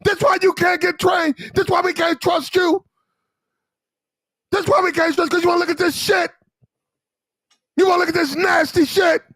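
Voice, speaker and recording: Cast: man imitating a high-pitched navy chief in a cursing, yelling rage. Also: steady tone, moderate pace, pauses often, no echo. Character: angry male navy chief chewing out a sailor.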